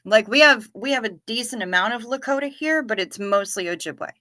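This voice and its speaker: Bright-voiced woman hosting a casual livestream. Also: on the high side, animated, fairly quick, no room sound, studio quality. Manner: chatty, reads viewer comments aloud and answers them. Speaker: livestream host.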